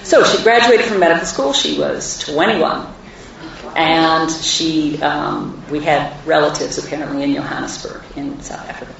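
Low gravelly woman in an echoey hall. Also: normal speed. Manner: warm anecdotal, wry humor. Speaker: speaker at a live talk event. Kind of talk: personal storytelling to an audience. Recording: echoey hall, distant mic, dull sound.

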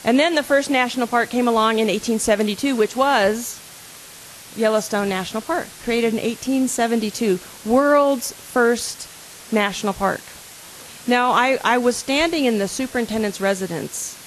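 This park service official's voice is a little high and moves at a moderate pace. She talks earnestly and conversationally, putting questions to her audience, over slight background noise on a poor recording.

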